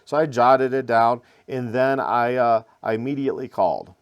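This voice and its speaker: A man's voice: mid-range voice, normal speed, highs cut off. Rambling man telling a crash story. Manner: rambling, repeats words and restarts, wry asides. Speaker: vlogger recounting a crash. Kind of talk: casual storytelling to camera.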